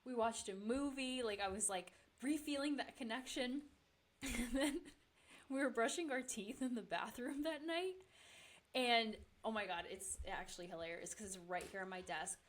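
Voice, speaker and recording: A woman's voice: a little high, normal speed. A woman chatting casually as a podcast guest, laughing often and using many fillers. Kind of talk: casual chat.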